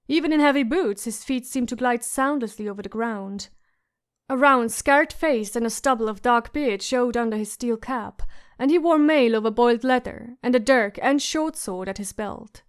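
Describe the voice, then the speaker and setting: A woman narrating an audiobook in a measured, suspenseful way. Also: on the high side, clear, resonant tone. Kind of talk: scripted narration.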